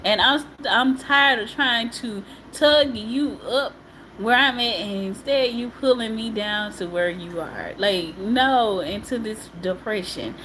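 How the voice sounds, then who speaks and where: A woman's voice: fairly high pitch, takes it slowly, a bit bright, a little hiss or hum, poor audio. A woman on a livestream giving an emphatic, repetitive monologue in casual colloquial speech, often breaking into laughter. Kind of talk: emotional live-stream monologue.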